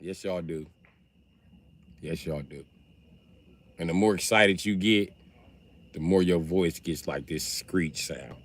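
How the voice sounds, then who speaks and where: A man hosting a livestream, talking in a casual, profane and animated way as he tells stories. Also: low-pitched, slow, pauses often. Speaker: livestream host.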